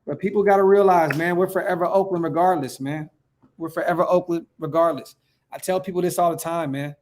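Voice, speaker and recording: A man's voice: fairly high pitch, steady tone, brisk, darkish tone. Hyped slangy man hosting a fan livestream. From Northern California. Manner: hyped, slangy, repeats phrases. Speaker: fan channel livestream host. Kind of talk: casual livestream chat reading comments.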